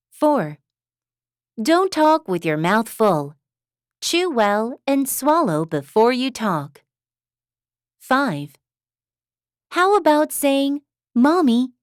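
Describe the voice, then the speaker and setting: Woman, gentle reader, slow and clearly enunciated, fairly high and bouncy pitch, dry close studio sound. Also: no room sound. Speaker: example sentence reader. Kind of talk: scripted reading of parenting phrases.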